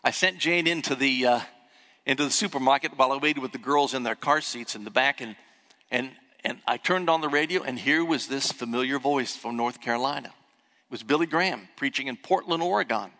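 An older man, a pastor, preaching a sermon and telling a story with animated emphasis. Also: mid-range voice, brisk, big-room sound. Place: church sanctuary.

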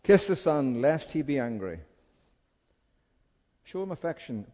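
A man preaching a sermon with passion, moving from hushed pleading to loud, urgent calls. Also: a little high, sing-song, measured pace. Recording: long hall reverb.

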